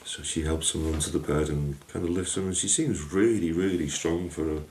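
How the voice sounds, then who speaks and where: A man narrating a folk tale in a lively, homely way, his voice very deep and dark. He sounds a little distant from the mic, in a room with a clear echo. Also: normal speed, slight background noise. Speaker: storyteller. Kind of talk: storytelling narration.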